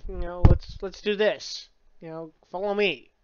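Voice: medium pitch, steady tone, measured pace, dull audio, background noise, natural voice. A reviewer casually voicing a brash, bossy young telepath woman who swears bluntly.

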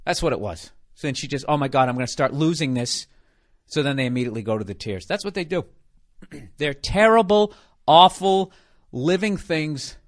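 Profane ranting comedian, fairly high voice. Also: male voice, fairly bright tone. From United States. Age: 40s. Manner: profane, sarcastic, conversational rant. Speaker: comedian podcast host.

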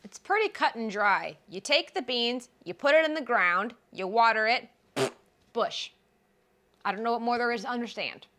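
A woman's voice: on the high side, expressive, moderate pace. A woman playing a brash, indignant older lady who claims she founded a bean company, in a comedy sketch. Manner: loud, brassy, indignant, drawling.

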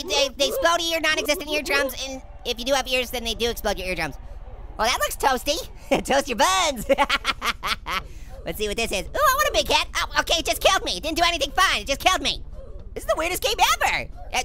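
A man voicing an excitable, earless cartoon character who hosts silly gameplay commentary and giggles constantly. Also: extremely high pitch, a little fast, heavily acted. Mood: giddy. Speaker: gaming host.

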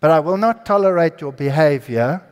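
A stern old headmaster lays down the law in a firm, scolding voice, as a man acts him out while telling a story. The voice runs high and echoes through a large hall. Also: animated, moderate pace, a little mellow, smooth, lightly acted. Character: stern older male school headmaster. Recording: long hall reverb.

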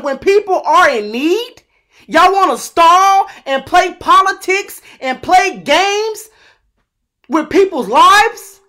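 American guy ranting on his vlog, real high voice, drags it out slow, keeps asking y'all the same question over and over. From United States. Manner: exasperated, repetitive rhetorical questions, addresses viewers as y'all; emphatic, at times shouting. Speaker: online commentator. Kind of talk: impassioned political rant to camera.

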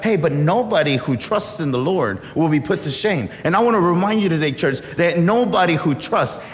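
Earnest pastor guy giving a sermon, slightly high voice, repeats himself, big echoey hall. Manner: earnest, repeats words and restarts often.

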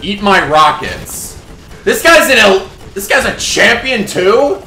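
A young man doing gameplay commentary, swearing and yelling sarcastically at his teammates. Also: high-pitched, big pitch swings, slow pace, reverberant, slight background noise. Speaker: gaming YouTuber.

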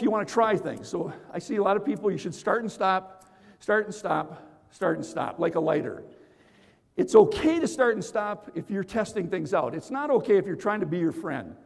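A middle-aged man giving a live motivational keynote, telling stories and shouting to the crowd in a large conference hall. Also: high voice, moderate pace, creaky. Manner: energetic storytelling, shouts to the crowd. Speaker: motivational speaker. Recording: long reverb of a big hall.

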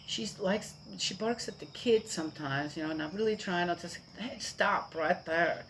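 A woman's voice: fairly low pitch, a little hiss or hum, poor audio. An older woman chatting casually outdoors to her viewers, rambling on and checking in with her listeners as she goes. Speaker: vlogger. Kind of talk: casual morning chat.

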